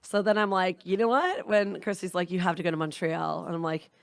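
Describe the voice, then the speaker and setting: With a lowish, gravelly yet clear and resonant voice, a young woman from Canada speaks fairly quickly as a podcast co-host, with no echo. Her casual chat turns into a long, animated, rambling anecdote sprinkled with swearing.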